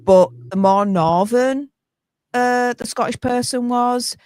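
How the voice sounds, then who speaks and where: A woman's voice: fairly high pitch, takes it slowly, a little mellow, clean tone, dry recording. A woman in her forties with a Yorkshire accent, chatting bluntly on a podcast. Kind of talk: casual chat.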